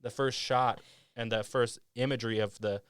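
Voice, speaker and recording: A man's voice: medium pitch, steady tone, moderate pace, clear, resonant tone, no echo. A man hosting a podcast, casually retelling a movie scene by scene in a rambling way. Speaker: podcast host.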